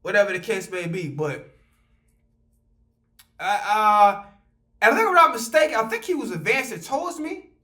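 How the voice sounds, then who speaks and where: Young male vlogger, high and bright, animated and profane with loose slang. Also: moderate pace, long pauses. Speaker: vlogger telling a story. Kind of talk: casual storytime.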